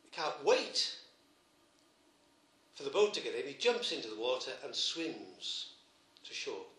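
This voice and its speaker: A man, a priest, preaching a sermon, retelling a gospel story gently with emphatic repetitions. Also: mid-range voice, big pitch swings, unhurried, echoey room.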